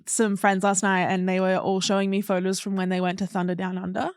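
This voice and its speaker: Australian woman podcast guest, young, lively explainer, mid pitch, dry close sound. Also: a little fast, clean tone, dry recording. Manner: lively storyteller, explains studies in detail. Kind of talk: casual chat.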